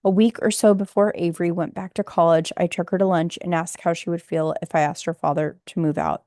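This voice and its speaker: A woman reading a memoir audiobook in a steady, subdued, somber way. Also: on the low side, a little fast, hardly any pauses, no room sound, studio quality. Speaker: audiobook narrator.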